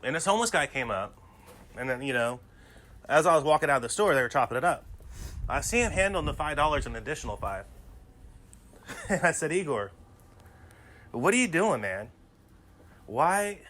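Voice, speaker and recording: A man's voice: on the high side, animated, brisk, pauses often, sharp tone, a little hiss or hum. A man hosting his own podcast, telling personal stories in a casual, rambling monologue full of "you know" asides. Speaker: podcast host.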